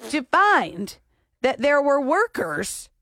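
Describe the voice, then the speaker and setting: A woman hosting a radio morning show, telling a story in a lively, teasing way into a studio microphone. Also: high-pitched, slow pace.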